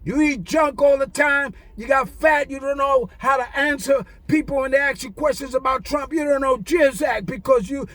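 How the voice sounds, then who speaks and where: A man preaching an angry, taunting rant in a fiery preacher's cadence, often shouting. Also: very high voice, moderate pace, hardly any pauses, no room sound. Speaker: online preacher.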